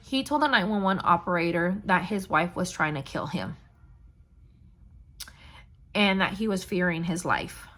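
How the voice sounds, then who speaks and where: A woman's voice: lowish voice, lively intonation, measured pace, pauses often, fairly bright tone. Candid woman telling a hard story. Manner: candid, emotional retelling with blunt language. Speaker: vlogger. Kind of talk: personal storytelling vlog.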